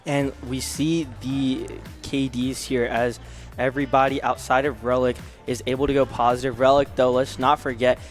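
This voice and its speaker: A young man doing color commentary on live college esports, excitable and yelling at big plays. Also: mid-range voice, normal speed, faint music behind.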